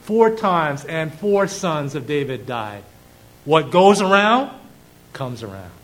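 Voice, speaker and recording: A man preaching a sermon, asking rhetorical questions, reading scripture aloud and pausing for effect. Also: fairly high pitch, very animated, fairly bright tone, poor audio.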